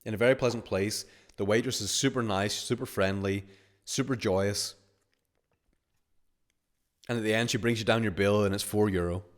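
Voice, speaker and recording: A man's voice: on the low side, steady tone, normal speed, long pauses. A man hosting a webinar as a money-mindset coach, talking casually in a rambling, filler-heavy way and acting out little scenarios.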